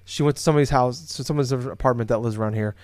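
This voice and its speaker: A man's voice: medium pitch, racing, a little mellow, dry recording. Rambling man telling a story on a podcast. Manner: rambling, lots of fillers and restarts. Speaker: podcast co-host. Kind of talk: casual storytelling chat. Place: home office, indoors.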